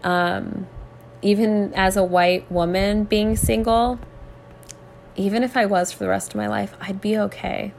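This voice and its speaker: A woman hosting a podcast, speaking earnestly and reflectively to listeners about faith, with thoughtful pauses. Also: mid-range voice, steady tone, creaky, darkish tone, a little hiss or hum.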